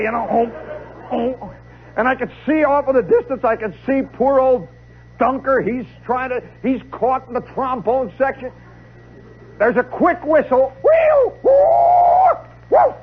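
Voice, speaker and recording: A man telling a comic story live, animated and dramatic, with chatty asides to the listener. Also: very high-pitched, husky. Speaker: radio storyteller. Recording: lo-fi 1960s radio recording with faint hiss.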